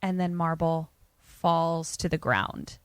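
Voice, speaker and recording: A woman's voice: deep voice, lively intonation, slow pace, no room sound. Chatty woman recapping a horror film. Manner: chatty and profane, with many fillers. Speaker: podcast co-host.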